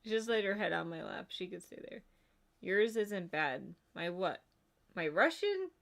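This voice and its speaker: A woman's voice: mid-range voice, big pitch swings, unhurried, creaky, fairly bright tone. A woman co-hosting a casual livestream chat, rambling and chatty with lots of filler words. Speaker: livestream co-host.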